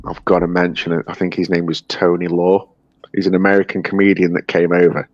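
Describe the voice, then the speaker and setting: A man's voice: low voice, flat delivery, a little fast, no room sound, muffled recording. A man chatting casually and laughing easily as co-host of a live stream.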